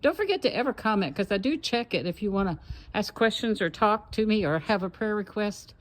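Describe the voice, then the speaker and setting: Animated and brisk, this older home vlogger from Kentucky talks casually in an Appalachian Southern accent, a little breathless as she strolls her yard before cooking in the kitchen. Her medium-pitched chatter is homey and rambling.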